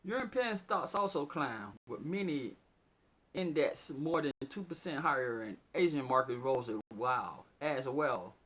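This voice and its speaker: A man doing a casual, unedited news vlog. He reads the headlines haltingly, then drifts into loose, excitable asides. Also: mid-range voice, husky. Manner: reads news items aloud, then riffs on them excitedly. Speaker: vlogger reading news. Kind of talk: casual unscripted commentary.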